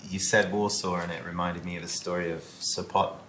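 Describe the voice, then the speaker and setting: A man co-hosting a round-table discussion who joins in casually and reads passages aloud in a measured way. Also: low voice, little pitch movement, fairly bright tone, a little hiss or hum. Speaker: co-host reading book passages.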